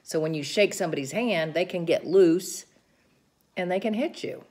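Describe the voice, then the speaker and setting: A woman's voice: on the low side, moderate pace, darkish tone, breathy edge. A middle-aged woman casually recounting a caregiving seminar, explaining things earnestly and describing hand gestures as she goes. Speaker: caregiver sharing seminar notes. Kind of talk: informal talk recounting a seminar.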